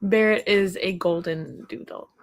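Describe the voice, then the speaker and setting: Slow-talking woman chatting on a livestream. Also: mid-range voice, fairly even intonation. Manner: chatty and rambling, talking to her dog in between. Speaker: livestream host. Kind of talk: casual livestream chat with viewers. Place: home.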